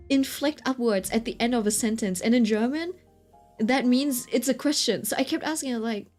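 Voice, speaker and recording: A young woman telling a story in casual chat, full of fillers and quick laughs, asking "right?" often. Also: a little high. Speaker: vlogger.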